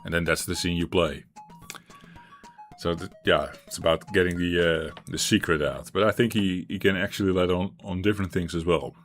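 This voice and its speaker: A man's voice: deep voice, fairly even intonation, normal speed, soft background music. A man streaming a retro game, thinking aloud and rambling with frequent restarts. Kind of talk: live-stream gameplay chat.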